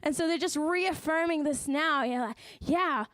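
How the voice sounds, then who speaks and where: A woman with a New Zealand accent delivers a church sermon, telling the story with lively asides and acting out the characters' voices. Her voice sits high, and the sound is dry and close. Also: moderate pace, no room sound. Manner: lively storytelling, acts out voices of the people and God. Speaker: preacher.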